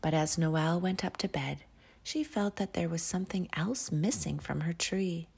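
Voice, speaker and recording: A woman hosting a children's story channel, reading a picture book aloud in a soft, hushed, soothing way. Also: lowish voice, moderate pace, creaky, husky. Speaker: storyteller host.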